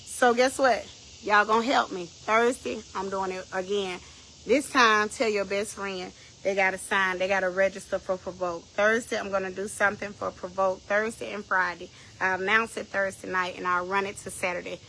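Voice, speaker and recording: A woman minister giving a livestream talk from home, emphatic, repeating her phrases and bursting into shouts. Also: mid-range voice, steady tone, moderate pace, a little hiss or hum, rough recording. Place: in bed at home at night.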